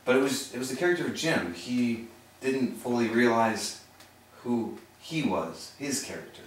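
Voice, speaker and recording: Male co-host, mid-pitched, reflective and dry; recorded in a very echoey room. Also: expressive, normal speed, slight background noise. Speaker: podcast co-host. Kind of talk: casual chat among friends. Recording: echoey room, far from mic.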